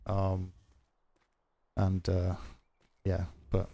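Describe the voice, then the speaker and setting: Male streamer, low register, loose rambling chat to viewers on a desk mic. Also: normal speed, pauses often, a little mellow. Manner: rambling, chatty, many fillers. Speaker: livestreamer. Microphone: mic through a desk audio mixer.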